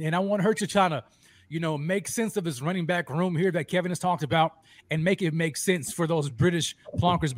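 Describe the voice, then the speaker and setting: A man hosts a casual fan show, talking excitedly and tumbling over repeated words as he restarts sentences. His voice sits a bit high and the sound is dry and close, with no room around it. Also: no echo. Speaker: host.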